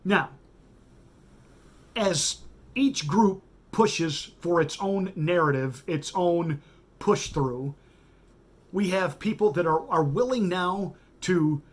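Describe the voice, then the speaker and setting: A man's voice: fairly high pitch, animated, a little slow. A man, a pastor hosting a radio show, giving a blunt, sarcastic political monologue with emphatic repetition.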